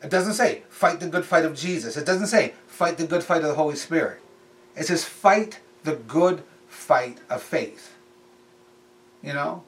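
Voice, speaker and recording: A man's voice: on the high side, a little slow, recorded from a distance. A man preaching in a casual, conversational way, repeating phrases for emphasis. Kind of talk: sermon.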